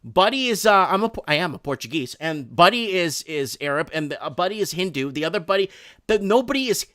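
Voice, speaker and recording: A man's voice: high voice, animated, a little fast, a bit bright, no echo, clean studio sound. A man hosting a casual political chat, talking in a rambling way with many restarts and repeated words. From Canada. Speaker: show host.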